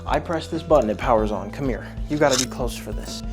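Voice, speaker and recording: A man's voice: mid-range voice, fast talker. Young man, casual home vlogger, over-the-top and self-mocking, cursing freely, faint music behind. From United States. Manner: dramatic, swearing, self-mocking. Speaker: streamer and vlogger. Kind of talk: casual vlog chat. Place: at home, setting up a computer.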